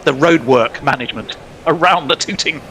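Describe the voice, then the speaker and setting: A man's voice: on the high side, normal speed, pushed and bright, slight background noise. A man doing ball-by-ball cricket commentary in a playful, joking way, often laughing. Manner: playful, laughing, jokey banter.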